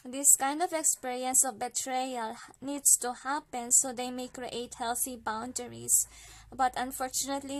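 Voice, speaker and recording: A woman from the Philippines giving a casual spoken card reading, chatty, with many fillers, often ending her points with "okay?". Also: fairly high pitch. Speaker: card reader.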